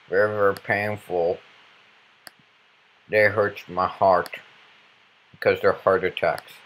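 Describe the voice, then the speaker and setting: A man's voice: low-pitched, little pitch movement, takes it slowly, pauses often, fairly bright tone. A man giving goofy, rambling commentary while playing a video game, breaking into random outbursts. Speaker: let's play commentator.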